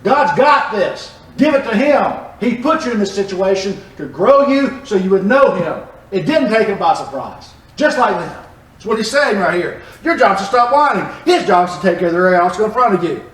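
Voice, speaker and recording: Teaching from the Bible in a lively, joking style, a man speaks fairly quickly in a voice that sits high for a man. The mic catches him from a distance, with the echo of a church room.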